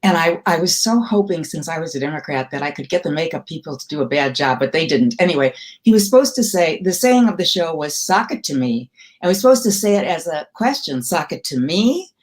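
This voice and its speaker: A woman's voice: low voice, expressive, brisk. Older woman with wry stories. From Milwaukee, US. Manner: self-deprecating, wry storyteller. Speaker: comedy writer and guest. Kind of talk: storytelling interview.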